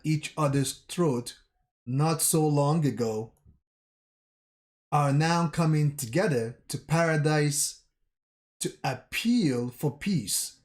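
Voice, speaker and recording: A man vlogger recapping a manga chapter in a casual way, telling the scenes with pauses and correcting himself as he goes. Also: fairly high pitch, lively intonation, darkish tone. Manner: recounts scenes haltingly, with pauses and self-corrections.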